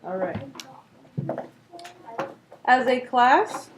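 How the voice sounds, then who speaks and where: A woman teaching a class, speaking slowly and patiently, encouraging her students. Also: a little high, animated. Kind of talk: classroom instruction. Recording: faint background noise.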